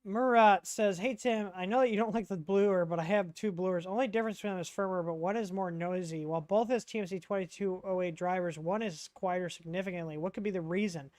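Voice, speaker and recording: A man's voice: sits high, steady tone, brisk, hardly any pauses, a little mellow, no room sound. A man hosting a casual livestream Q&A, rambling and chatty, reading out chat questions with lots of ums.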